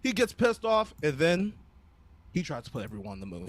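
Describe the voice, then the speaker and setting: A young man telling a story in casual, profane slang, animated and loose. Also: on the high side, fast talker, dry recording. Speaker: podcast panelist.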